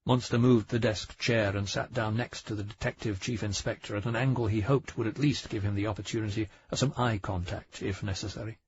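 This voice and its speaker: A male audiobook narrator reading a crime novel in a steady, measured way. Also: fairly low pitch, slight background noise. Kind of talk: scripted narration. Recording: dry, dull audiobook recording.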